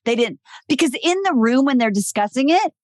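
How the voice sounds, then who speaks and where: A woman's voice: high voice, expressive, a little fast, darkish tone, no room sound, studio quality. A woman hosting a podcast in casual chat, telling stories with lots of "like" and acting out quotes. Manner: chatty, acts out quotes from the show. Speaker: podcast host.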